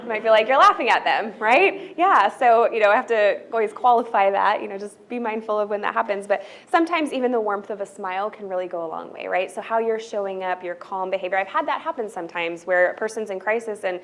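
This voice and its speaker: A woman's voice: medium pitch, animated, fast talker, hardly any pauses, a bit bright. Chatty woman leading a training session. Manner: conversational, often checks in with "right?"; loose, filler-heavy delivery with restarts. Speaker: workshop presenter. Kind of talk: college staff training talk.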